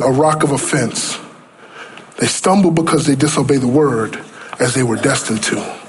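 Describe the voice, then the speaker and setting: A man's voice: on the high side, slightly rough. A male pastor preaching a sermon, full of rhetorical questions and building intensity.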